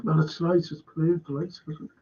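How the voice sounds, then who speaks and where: A middle-aged man hosts a casual live stream as a podcast host, reading viewer comments aloud with a chuckle and the occasional swear. His voice is fairly high and warm with a slight roughness, showing little pitch movement at a measured pace. The stream audio is dull and lo-fi.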